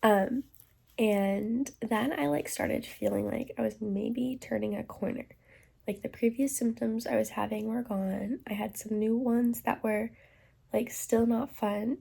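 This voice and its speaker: A woman's voice: a little high, fairly even intonation, unhurried, creaky, dark tone, slightly rough. A young woman vlogging candidly about her pregnancy, nauseous and stuffy, chatting loosely with lots of "like" and "um" into a phone held at arm's length. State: nauseous and congested. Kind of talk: casual pregnancy vlog.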